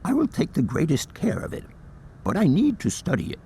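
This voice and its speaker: An actor playing a formal, courteous older professor in a video game. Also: male voice, on the high side, wildly swooping pitch, brisk, mellow, slight background noise. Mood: assured. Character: eccentric older male professor, grand and formal. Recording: game audio with faint background ambience.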